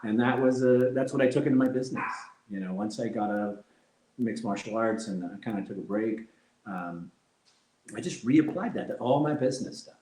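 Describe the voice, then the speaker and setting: A middle-aged man, a former fighter, speaking as an interview guest, reflective and animated as he tells anecdotes with frequent laughter. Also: fairly low pitch, fairly quick, reverberant, poor audio. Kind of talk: candid interview storytelling.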